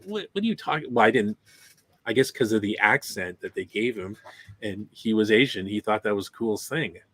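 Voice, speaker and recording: A man with a fairly low voice co-hosting a fan podcast. He chats casually and slips into storytelling, laughing between remarks. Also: normal speed, fairly bright tone, breathy edge. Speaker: podcast co-host.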